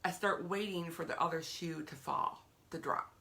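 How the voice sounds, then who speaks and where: Earnest woman, lowish voice, chatty faith vlog to live viewers. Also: normal speed, gravelly, pushed and bright. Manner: earnest, chatty, repeats herself; greets live viewers by name. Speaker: faith vlogger. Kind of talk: casual faith talk to viewers.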